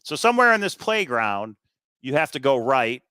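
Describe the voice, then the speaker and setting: A man's voice: mid-range voice, sing-song, normal speed, bright, forceful tone, smooth, no echo. Chatty man thinking aloud, dry sound. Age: adult with kids. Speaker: treasure hunt video host. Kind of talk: casual walkthrough commentary.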